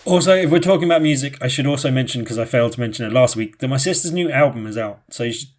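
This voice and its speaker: A man's voice: medium pitch, very fast. A British man co-hosting a gaming podcast, chatting casually and plugging an album. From United Kingdom. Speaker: podcast co-host. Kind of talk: casual chat.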